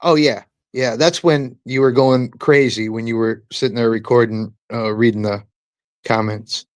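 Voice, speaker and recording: A man's voice: mid-range voice, fairly even intonation, moderate pace, smooth, no room sound. A man co-hosting a livestream, chatting in a laid-back way with chuckling interjections. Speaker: livestream co-host. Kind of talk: casual chat.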